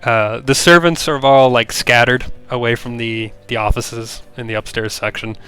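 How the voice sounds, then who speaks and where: Bright-voiced man running a tabletop game. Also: medium pitch, fairly even intonation, clear, resonant tone, soft background music. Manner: descriptive, with frequent filler pauses. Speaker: game master.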